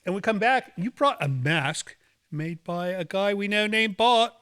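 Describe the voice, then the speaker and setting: Goofy horror host guy, high bright voice, rambles and jokes. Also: unhurried, clean tone. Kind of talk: playful, campy hosting chat.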